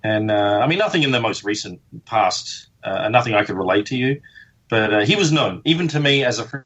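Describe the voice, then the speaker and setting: A man's voice: fairly low pitch, expressive, brisk, a bit bright, slightly rough, dull audio. A man, a comic book artist guest, chatting casually on a podcast in a rambling, self-deprecating way and laughing often.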